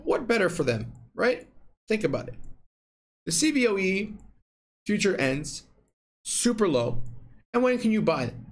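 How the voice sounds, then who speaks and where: A man's voice: a little high, slight background noise. A man hosting a casual livestream, chatting loosely with many fillers and reading out viewer comments. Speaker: crypto livestream host.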